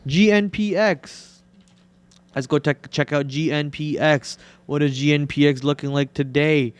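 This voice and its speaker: A man's voice: a little high, little pitch movement, moderate pace, smooth. A man hosting a live trading stream, chatting casually and joking while he talks through his trades, often repeating words as he goes.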